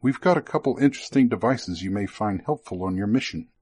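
A man voicing an excitable male lizardfolk technologist who keeps explaining his gadgets in an audiobook. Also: fairly low pitch, a little fast, breathy edge, dry recording. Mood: eager. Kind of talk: audiobook character voice.

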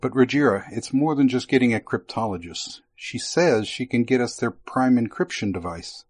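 A man voicing a gruff, businesslike male spy chief handing out assignments in an audiobook. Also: mid-range voice, lively intonation, normal speed, no echo. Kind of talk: audiobook character voice.

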